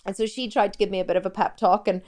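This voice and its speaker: A woman's voice: medium pitch, fairly even intonation, very fast, a little mellow. Rambling, confessional woman in her forties. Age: 40s. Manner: rambling, confessional, self-interrupting. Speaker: fitness coach and vlogger. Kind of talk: candid personal vlog.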